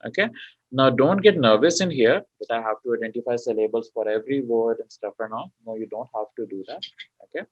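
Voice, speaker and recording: A man's voice: medium pitch, a little fast, dry recording. Man tutoring an exam class, dry dull audio. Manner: explains step by step with many fillers like okay and you know. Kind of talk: online class lecture.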